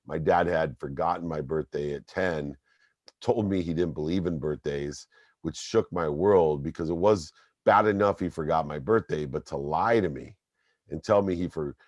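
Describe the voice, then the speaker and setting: Deep-voiced man telling a personal story. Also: normal speed, no room sound, clean studio sound. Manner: emphatic, animated storytelling. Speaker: guest. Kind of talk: storytelling interview.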